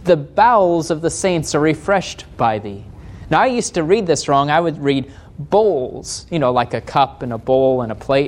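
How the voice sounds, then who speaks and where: An American man preaches to his congregation, his pitch rising and falling in a lively, animated way. He reads scripture aloud, slows his pace to press a point home, and slips in gentle humor. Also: slight background noise. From United States. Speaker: pastor. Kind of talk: sermon.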